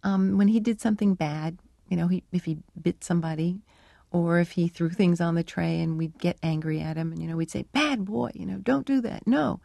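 A woman's voice: fairly low pitch, steady tone, brisk, creaky, mellow, dry recording. A middle-aged woman researcher answering interview questions, telling anecdotes thoughtfully and acting out remembered lines of dialogue. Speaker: animal researcher, interview guest. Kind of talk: radio interview, storytelling answers.

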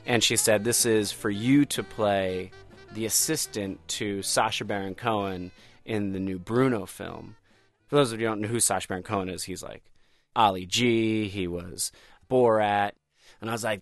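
A man's voice: lowish voice, normal speed, faint music behind. A comedian in his thirties telling a personal story, acting out the dialogue as he goes. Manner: animated, acts out dialogue.

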